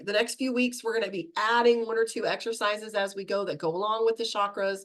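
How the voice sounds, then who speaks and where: Fast-talking woman teaching meditation. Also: medium pitch. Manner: fast-talking, chatty, laughs at herself. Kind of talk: teaching a class.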